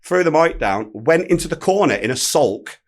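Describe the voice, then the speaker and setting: Animated man telling stories. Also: fairly high pitch, moderate pace. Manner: animated anecdote-telling, swears freely, acts out quoted speech. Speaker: podcast guest. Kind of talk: casual storytelling.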